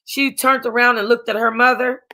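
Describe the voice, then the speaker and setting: A woman hosting her own review channel talks through a reality TV episode, fighting back tears as she goes. Her voice has a gravelly, fried edge, and she rambles in loose, slangy chat full of restarts. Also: a little high, fairly even intonation, brisk, pushed and bright, a little hiss or hum. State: close to crying. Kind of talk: casual chat.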